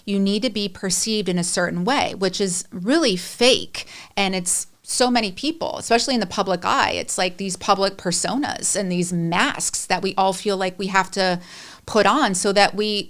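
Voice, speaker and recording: A woman's voice: medium pitch, fairly bright tone. A middle-aged woman speaking candidly and emotionally as a podcast guest, rambling through personal stories.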